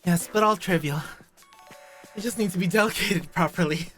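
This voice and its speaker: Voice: medium pitch, normal speed, a bit bright, soft background music, lightly acted. A streamer reading the lines of a scheming, condescending girl student leader in a cold, dismissive way.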